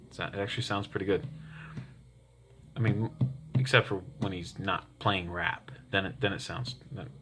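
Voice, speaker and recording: A man's voice: sits low, fairly even intonation, normal speed, noisy background. A man giving an opinionated, rambling monologue at home as a commentary vlogger, often wandering into asides. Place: home, roommate nearby.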